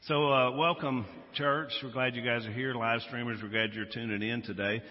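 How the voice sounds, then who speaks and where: A pastor from Louisiana preaches in a relaxed, conversational way, his coloring his stories as his energy rises and falls. His voice carries a long reverb from a large sanctuary. The sound is a bit muffled, like a live-stream feed. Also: medium pitch, normal speed. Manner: conversational, animated storytelling. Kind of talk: sermon.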